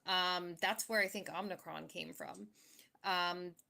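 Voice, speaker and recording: A woman making her point in an online debate, hesitant, with many ums, trying to sound even-handed. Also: on the low side, slow, vocal fry. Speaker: debate participant. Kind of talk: casual debate talk.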